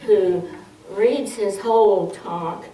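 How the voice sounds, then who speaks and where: A woman presenting a public speaking workshop, slow, humorous and instructive, heard from a distance in an echoey hall. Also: medium pitch, dark tone. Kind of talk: public speaking training demo. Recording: distant mic in an echoey hall, faint hiss.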